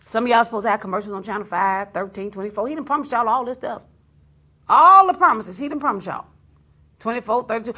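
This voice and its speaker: A woman's voice: fairly high pitch, animated, quick pace, sharp tone, breathy edge. A woman talk show host, ranting to her viewers in a teasing, laughing way. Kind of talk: casual on-air rant to viewers.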